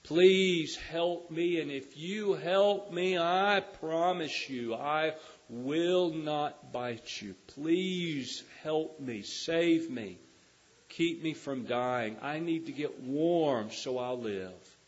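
A man voicing a dying male rattlesnake that begs softly for help in a story told during a sermon. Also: on the high side, drawn-out words. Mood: pleading. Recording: dull lo-fi recording.

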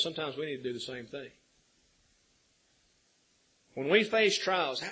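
A man's voice: a little high, pushed and bright, slightly rough, poor audio. A man preaching a sermon, earnest and building to emphatic peaks.

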